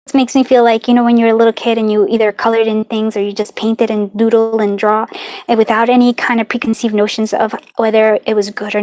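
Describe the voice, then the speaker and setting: A woman doing a live card reading, talking in a warm, chatty, reassuring way with lots of fillers and little laughs. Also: a little high, no echo. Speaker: tarot and charm reader.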